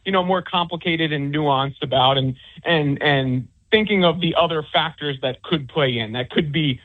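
A man's voice, slightly raised in pitch and husky, comes down a tinny phone line. He is a sports writer answering interview questions, circling his point with restarts, fillers and stacked examples. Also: moderate pace. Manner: rambling, many restarts and fillers. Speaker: author and sports commentator.

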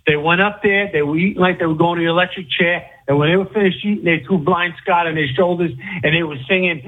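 Excited guy calling into radio, goes on and on, phone sound, a bit high. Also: quick pace, breathy edge. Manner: enthusiastic, rambling. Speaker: radio caller. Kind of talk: phone-in storytelling. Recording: tinny phone line.

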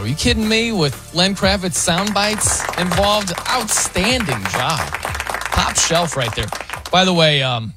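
A man hosting a sports radio show, chatting casually and telling stories with animated bursts. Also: mid-range voice. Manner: animated storytelling with bursts of loudness. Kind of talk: casual radio chat and ad reads.

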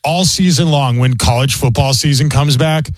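A man's voice: medium pitch, moderate pace, no room sound. A man hosting a radio show, telling jokey stories in casual banter. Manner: animated storyteller, jokey.

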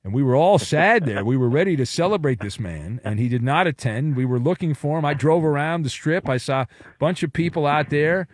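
A man's voice: fairly high pitch, lively intonation, brisk, no room sound. Wisecracking male sports radio host, dry studio. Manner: joking, teasing callers. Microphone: studio mic.

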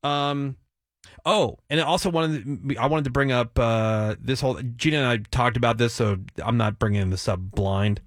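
A man's voice: mid-range voice, no room sound, studio quality. A man hosting a radio show, chatting casually with his co-hosts and taking calls and texts. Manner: relaxed, chatty, quick asides. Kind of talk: casual morning radio chat. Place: radio studio. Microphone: studio microphone.

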